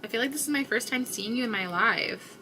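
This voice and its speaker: A woman's voice: fairly high pitch, fairly quick, sharp tone, a little hiss or hum. A woman hosting a crochet livestream, chatting casually with viewers in a rambling way with many fillers, tired and yawning. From Canada.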